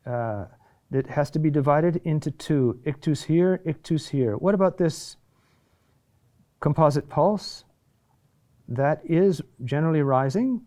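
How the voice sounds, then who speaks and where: Man, chant instructor, mellow tone, hesitant lecturing with frequent fillers. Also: fairly high pitch. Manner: halting, many fillers and restarts, asks "huh?". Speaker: chant teacher.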